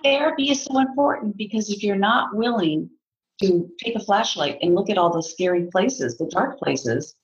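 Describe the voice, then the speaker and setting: A middle-aged woman psychotherapist talking as a podcast guest in casual chat, animated and laughing often. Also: medium pitch, normal speed, dull audio. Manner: animated, laughs often, acts out inner voices.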